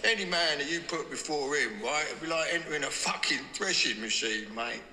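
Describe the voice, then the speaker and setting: A gravelly, menacing boxing promoter. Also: male voice, a little high, lively intonation, fairly quick, sharp tone, slight background noise, exaggerated voice. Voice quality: gravelly, theatrical. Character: menacing male boxing promoter, older uncle, crude. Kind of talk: TV drama acting. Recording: echoey, roomy clip with faint ambience.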